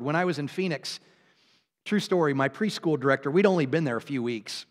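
Pastor preaching in a reverberant church. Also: male voice, a little fast. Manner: swings from loud exclamations to low, quiet asides; laughs between points, conversational. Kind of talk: sermon. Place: church sanctuary. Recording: long hall reverb.

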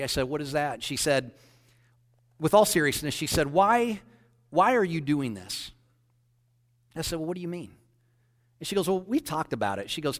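A man's voice: fairly high pitch, long reverb tail. A man preaching as a pastor, telling a story and acting out the dialogue of the people in it. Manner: animated storyteller, quoting others in dialogue. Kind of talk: sermon storytelling.

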